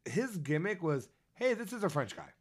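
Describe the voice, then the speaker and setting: A man's voice: fairly high pitch, sing-song, moderate pace, breathy edge. Man chatting profanely on a podcast. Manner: profane, explains at length. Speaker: podcast co-host. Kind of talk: casual podcast chat.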